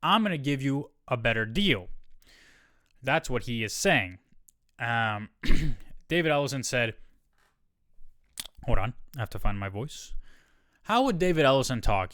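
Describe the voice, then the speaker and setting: A man's voice: medium pitch, a bit bright, clear, resonant tone, no room sound. A man hosting a solo podcast. He reads a news article aloud and stops often for casual asides and self-corrections. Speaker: podcast host.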